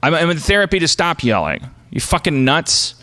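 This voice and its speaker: A man's voice: a little high, big pitch swings, normal speed, bright, forceful tone. A man hosting a comedy podcast, delivering a profane, stammering rant monologue.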